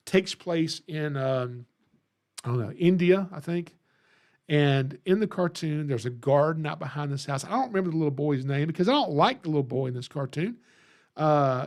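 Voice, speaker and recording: A man hosting a podcast, telling a story in a rambling, animated way and reading out live chat comments. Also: on the high side. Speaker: podcast host. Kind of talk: casual livestream podcast chat.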